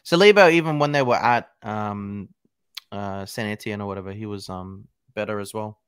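A man's voice: on the low side, normal speed, a bit bright, smooth. A young man co-hosting a casual football chat, blunt and opinionated, swearing freely.

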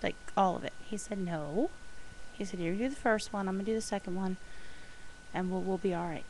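A woman talking casually in a video diary, gushing with excitement and often pausing with ums and restarts. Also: medium pitch, slight background noise, poor audio. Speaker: vlogger.

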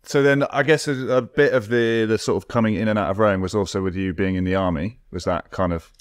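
A man with a low voice hosts a podcast and asks easygoing follow-up questions. His voice is recorded close and dry. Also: fairly even intonation, fast, no room sound. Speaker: podcast host. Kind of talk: interview questions.

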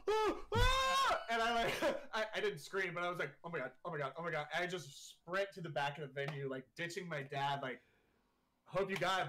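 A young man telling a story in casual chat, animated and full of swearing and filler words. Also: on the high side, slight background noise. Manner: animated storyteller, swears a lot, leans on 'like'. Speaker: guest.

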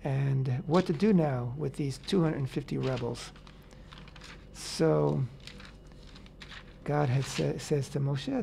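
A man on a radio talk show explaining a Bible passage in a casual, animated way, acting out the characters' words in paraphrase. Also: medium pitch, unhurried, gravelly, slight background noise. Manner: animated, acts out quotes in paraphrase, many fillers. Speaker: radio host teaching the weekly Torah portion. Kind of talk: casual Torah discussion on radio.

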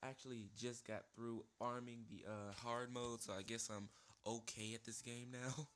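A man hosting casual gameplay commentary, rambling with fillers and breaking into high yelps and shouts at the game. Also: little pitch movement, normal speed. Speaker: let's play host. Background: game music.

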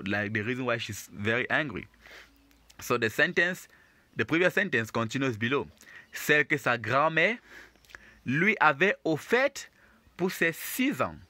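Bright-voiced man teaching French phrases. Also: medium pitch, no room sound. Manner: patient, repeats and explains each phrase. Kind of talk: explaining a lesson to learners.

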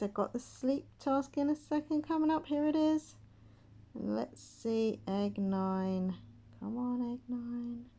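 A woman giving casual gameplay commentary, excitable and chatty, gasping and squealing as she talks to her viewers. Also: medium pitch, vocal fry. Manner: chatty, addresses viewers as guys. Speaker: gaming channel host.

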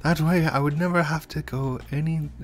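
A man doing an impression of a gentle, sweet cartoon bear, talking slowly and softly. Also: on the high side, fairly even intonation, pitched above the performer's own voice, close to an everyday voice.

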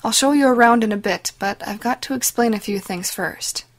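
A woman voicing a calm, firm, caring aunt explaining hard news. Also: a little high, normal speed.

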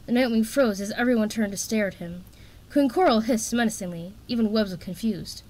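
A woman reading a fantasy novel aloud in a steady, expressive narration. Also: a little high, a little fast. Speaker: audiobook reader.

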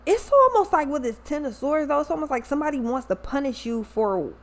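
A woman's voice: high-pitched, expressive, brisk. Blunt, profane woman reading tarot. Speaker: tarot reader. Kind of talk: casual tarot reading vlog.

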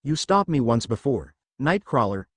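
A hot-headed superhero leader barks orders, as a man reads him out. The pitch swings widely and the recording is dry and close. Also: very animated, normal speed, a bit bright, husky, no echo. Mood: enraged.

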